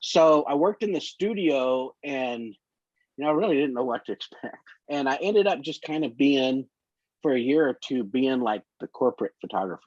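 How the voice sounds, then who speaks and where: A man's voice: medium pitch, animated, moderate pace, darkish tone, no echo. A man telling long, winding work stories as a guest in a casual interview. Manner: rambling, long winding anecdotes. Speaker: photographer guest. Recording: dull lo-fi dry sound.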